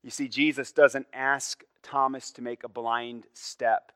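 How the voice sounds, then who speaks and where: Earnest male preacher, bright dry voice. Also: mid-range voice, level tone, unhurried, clear, resonant tone, dry recording. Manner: earnest, emphatic preaching with repeated "you see" and falling phrase ends. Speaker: pastor. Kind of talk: sermon.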